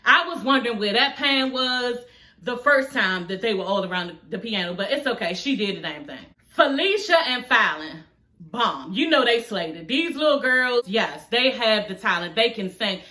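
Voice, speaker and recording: A woman's voice: a little high, animated, normal speed, sharp tone, reverberant, rough recording. A woman from Washington, D.C. giving a sassy, chatty recap of a reality show, calling her viewers honey and girl. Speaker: YouTube reality TV reviewer. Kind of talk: casual recap chat to camera.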